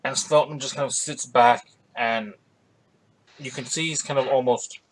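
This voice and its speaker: A man's voice: mid-range voice, fairly even intonation, normal speed, poor audio. A man narrating as game master of a tabletop game, rambling and hesitant, with many fillers.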